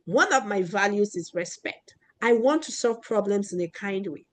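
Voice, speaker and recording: A woman voicing a kind, honest young girl in a children's story, reading her lines gently and calmly. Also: medium pitch, normal speed, natural voice.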